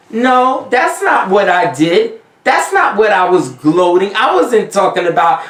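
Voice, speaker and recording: A Haitian-accented man gives casual spiritual advice as a vodou priest. He tells his stories with animated emphasis and drops his voice low to stress a point. He sits well back from the microphone, and the room adds a noticeable echo. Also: measured pace. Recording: roomy sound, distant from the mic.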